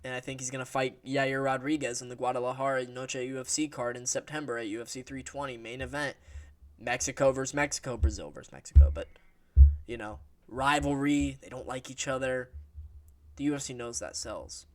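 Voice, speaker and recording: A man's voice: medium pitch, fairly quick. Blunt, profane man predicting fights. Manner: blunt, opinionated, swears casually. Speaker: MMA fight analyst. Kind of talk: casual fight prediction vlog.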